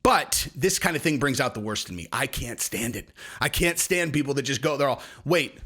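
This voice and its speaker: A man's voice: medium pitch, expressive, brisk, sharp tone. A man hosting a casual commentary rant, sarcastic and rambling, slipping into mocking quoted voices. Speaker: commentary video host.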